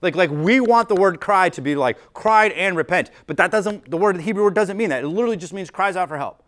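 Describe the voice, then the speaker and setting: A man giving a church sermon in a loose, conversational way, peppering his talk with fillers as he walks through a passage. His voice sits a little higher than most men's, and he moves between read verses and lively explanation. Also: fast. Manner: conversational, animated preaching with many "like" fillers. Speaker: pastor.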